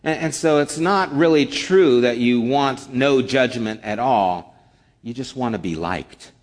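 A man preaching a sermon as pastor, earnest, moving between strong emphasis and hushed, almost whispered passages. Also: mid-range voice, measured pace.

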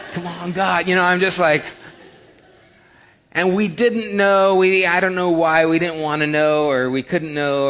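A middle-aged male pastor preaching a sermon, telling personal stories and acting out the dialogue with rising excitement. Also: on the high side.

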